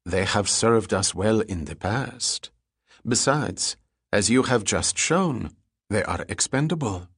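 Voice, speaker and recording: A composed female accomplice, cool and unruffled, as a man voices her in an audiobook. She speaks evenly and without hurry. The voice stays low and close. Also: lively intonation, takes it slowly, a bit bright, slightly rough, dry recording, full character voice.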